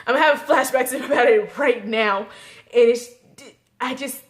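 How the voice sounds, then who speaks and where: A young woman vlogging a personal story, emotional and halting, tearful and repeating herself. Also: fairly high pitch. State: tearful, crying at times.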